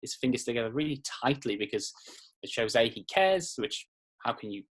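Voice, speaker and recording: A man's voice: medium pitch, animated, a little fast. Guy teaching a kids writing lesson, friendly, lots of ums, mid voice. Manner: friendly, explanatory, many fillers. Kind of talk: classroom lesson video.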